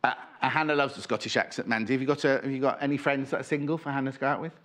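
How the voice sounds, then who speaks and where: A man's voice: medium pitch, steady tone, rapid-fire, a bit bright. A man presenting a live TV shopping show, chatting and rambling as he reads out viewer messages. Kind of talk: live TV selling chat. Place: TV studio. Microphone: earpiece and presenter mic.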